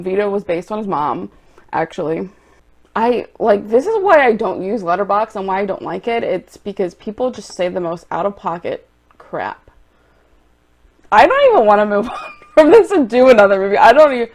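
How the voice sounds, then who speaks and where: A young woman vlogger reacting to online film reviews, exasperated and ranting, turning loud and quick when annoyed. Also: medium pitch. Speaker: movie vlogger.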